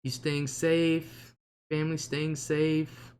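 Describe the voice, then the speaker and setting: A man's voice: on the high side, flat delivery, slow, a little mellow, clean tone. Chatty man hosting a home livestream. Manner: chatty, laughs often, reads out viewer comments. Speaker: livestream host. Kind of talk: casual livestream chat. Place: home, at a table.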